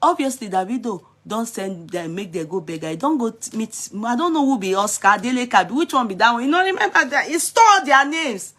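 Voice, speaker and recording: A Nigerian woman with a Yoruba accent giving animated, scolding commentary in a casual vlog. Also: a little high, fairly quick, hardly any pauses.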